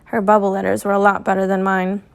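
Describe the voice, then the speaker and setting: A woman reading a first-person novel aloud in a measured, clear storytelling manner. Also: medium pitch, completely flat delivery. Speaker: audiobook reader.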